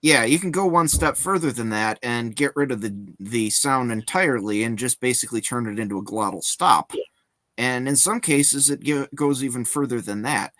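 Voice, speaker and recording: A man's voice: mid-range voice, moderate pace, a bit bright, no echo. Dry-sounding man explaining things. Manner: explanatory, hesitant, with fillers. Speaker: co-host. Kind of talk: casual chat.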